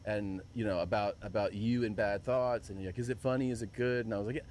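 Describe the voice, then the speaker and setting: A man's voice: on the low side, fairly even intonation, a little mellow, slight background noise. A man in casual chat who asks probing questions and laughs easily. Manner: curious, probing, quick to laugh.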